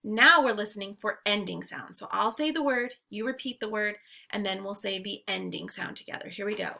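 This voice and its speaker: A woman teacher leading a phonics drill for young children, modeling each word slowly and clearly for them to repeat. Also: mid-range voice, bright, forceful tone.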